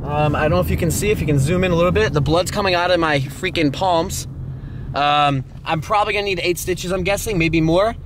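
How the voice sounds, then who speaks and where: Excited young American vlogger man. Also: on the high side, a little fast, noisy background. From United States. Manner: excited, chatty, lots of "like" and "dude". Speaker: exploring vlogger. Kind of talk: casual vlog talk to camera.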